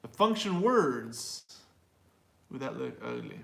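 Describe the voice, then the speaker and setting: A man's voice: mid-range voice, sing-song, takes it slowly, gravelly, a bit bright. Man, pronunciation teacher, live online class, explanatory, repeats himself, roomy echo. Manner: explanatory, repeats and restarts words.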